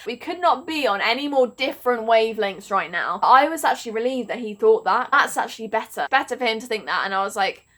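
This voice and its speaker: A young woman telling a storytime vlog in a chatty, animated way, swearing freely and using lots of fillers. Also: on the high side, fast, few pauses. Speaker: vlogger. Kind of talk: casual storytime monologue.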